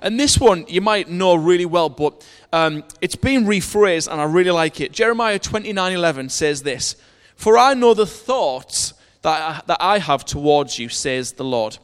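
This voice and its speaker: A man's voice: a little high, lively intonation, normal speed, smooth, big-room sound. A man preaching a sermon in earnest, telling a personal story and reading verses aloud, with frequent restarts.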